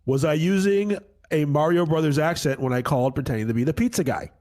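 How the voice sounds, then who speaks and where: A man's voice: fairly high pitch, fast, a little mellow. Man pressing questions in role-play. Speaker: police officer in a role-play. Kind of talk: in-character game role-play.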